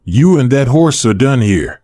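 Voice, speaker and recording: A man's voice: mid-range voice, very animated, measured pace, mellow, no room sound. A man voicing a wealthy, domineering male ranch owner who speaks sharply and dismissively. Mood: cold, dismissive. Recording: dry close mic with faint music.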